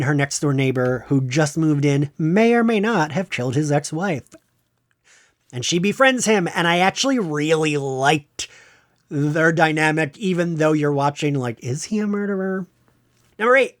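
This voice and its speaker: A man hosting a podcast, counting down his favorite shows of the year in a casual, gushing, enthusiastic way. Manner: gushing, enthusiastic fan talk with excited jumps in pitch. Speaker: podcast host. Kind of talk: casual pop-culture countdown monologue.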